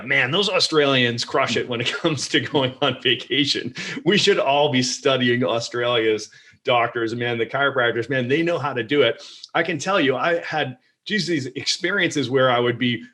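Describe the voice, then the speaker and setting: Brief: mid-pitched man, chatty, energetic podcast host who laughs easily. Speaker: podcast host and practice coach. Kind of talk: podcast interview.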